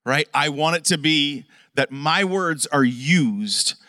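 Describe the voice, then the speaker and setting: A middle-aged man preaching a sermon, animated and conversational, often asking the congregation questions. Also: on the high side, slow pace, dry recording, clean studio sound. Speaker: pastor.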